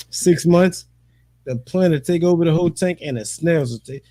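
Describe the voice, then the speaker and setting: High-voiced man telling stories animatedly. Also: fairly quick, no room sound. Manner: animated storyteller, profane slang, laughs often. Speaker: podcast host. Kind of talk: casual chat.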